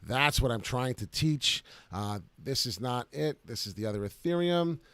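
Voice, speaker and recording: A man giving brash, excited live commentary to viewers while trading crypto on charts. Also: medium pitch, normal speed, no echo.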